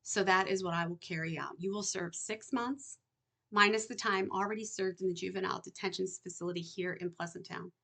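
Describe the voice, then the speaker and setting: A woman's voice: mid-range voice, steady tone, creaky, sharp tone. A woman reading a formal merciful judge. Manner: formal, measured. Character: measured, merciful male judge.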